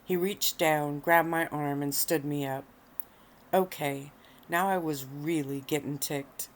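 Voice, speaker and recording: A woman softly reading her own story aloud at home, relaxed and unhurried, lounging on pillows. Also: sits low. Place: at home, lying on a bed of pillows.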